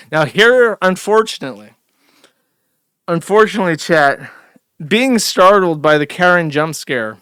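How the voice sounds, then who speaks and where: A man's voice: on the high side, expressive, measured pace, fairly bright tone, clear, resonant tone, dry recording, clean studio sound. A young man hosting a stream, giving crude, sarcastic, mocking commentary from his home setup. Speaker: streamer host. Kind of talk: casual commentary. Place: home studio.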